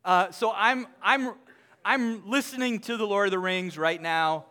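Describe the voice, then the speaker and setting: Bright, high-voiced man polling a crowd. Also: clean tone. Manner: halting restarts, audience polling. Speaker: speaker addressing a live audience. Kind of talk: lively talk to a crowd, reading aloud.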